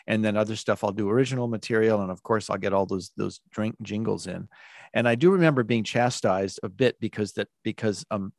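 A man's voice: lowish voice, a little fast, vocal fry, a little mellow, no room sound, studio quality. A middle-aged man being interviewed about his work in music and sound design, telling stories casually and rambling, with many restarts and fillers.

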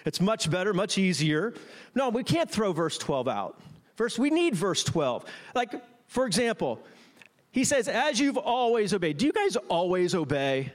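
A man's voice: sits high, big pitch swings, a little slow. A middle-aged man, a pastor, gives a playful sermon and talks straight to the congregation.

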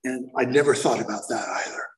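A man telling his recovery story slowly and haltingly, with many fillers and wry self-deprecating humor. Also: medium pitch. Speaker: speaker sharing recovery story. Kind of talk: personal testimony at a recovery meeting. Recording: roomy, echoey recording.

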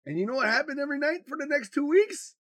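Guy with a high voice on a podcast mic, swears a lot, rambles and gets animated telling stories, super dry sound. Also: quick pace, dry recording. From Wisconsin, US. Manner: rambling, profane, animated storyteller. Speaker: podcast co-host. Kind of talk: casual podcast chat, storytelling.

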